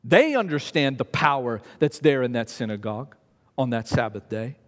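A man's voice: medium pitch, animated, normal speed. A man preaching a sermon in an emphatic way, repeating phrases for stress. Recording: long reverb of a hall.

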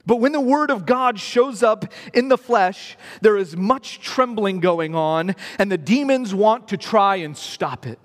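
A man's voice: sits high, expressive, a little slow, few pauses. A man preaching a sermon in an emphatic way, repeating phrases for stress. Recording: long reverb of a hall.

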